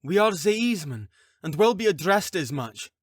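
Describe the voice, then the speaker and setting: Brief: anguished defiant wife , read by a male narrator, higher pitched, slow-paced. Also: lively intonation, fairly bright tone, dry recording, studio quality. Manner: pleading, raised and strained. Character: distraught mother and wife, defiant. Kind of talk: audiobook character voice.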